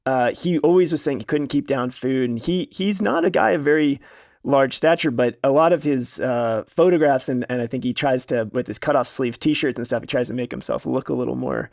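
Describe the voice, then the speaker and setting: A man of middle pitch hosting a podcast interview. He starts his sentences over and stumbles into his questions. The sound is dry and close. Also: vocal fry, a little mellow, no echo. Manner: halting, restarts questions. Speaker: podcast host.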